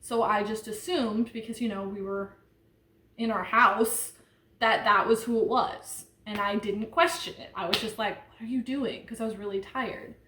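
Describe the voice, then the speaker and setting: Chatty young woman, bright echoey voice. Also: mid-range voice, fairly even intonation, normal speed, slight background noise. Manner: chatty, rambling, full of "like". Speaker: vlogger telling a true ghost story. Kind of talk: casual storytelling. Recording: echoey room.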